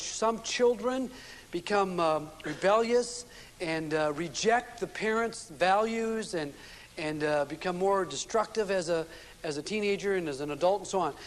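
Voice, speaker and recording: High-voiced man lecturing in a reverberant hall. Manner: folksy storytelling with frequent restarts and fillers. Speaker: seminar speaker. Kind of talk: relationship seminar lecture with anecdotes. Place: seminar room with a live audience. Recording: long reverb of a seminar hall.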